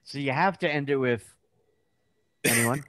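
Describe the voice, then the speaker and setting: Man, meeting regular, lively storyteller voice, dry close sound, brief: joke-teller. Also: moderate pace, no room sound. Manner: animated storyteller, squeaky voices for characters. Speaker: meeting participant. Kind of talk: casual chat, telling a joke.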